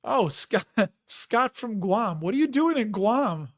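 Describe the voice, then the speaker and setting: A man's voice: sits high, big pitch swings, takes it slowly. A man with a Chicago accent hosting a casual live stream, rambling and chatty and often laughing as he reads out viewer comments.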